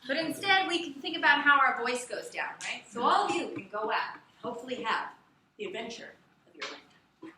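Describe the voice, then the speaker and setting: A woman teaching a class, talking in a chatty, animated way and often asking the students questions. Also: high-pitched, brisk. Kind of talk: classroom lecture. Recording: echoey classroom from far off, with background noise.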